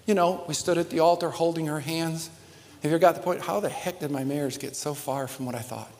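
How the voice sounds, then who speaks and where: Man, pastor, preaching, animated, hushed-to-loud swings, reverberant hall. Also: a little high, fast. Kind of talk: sermon. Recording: long reverb of a large hall.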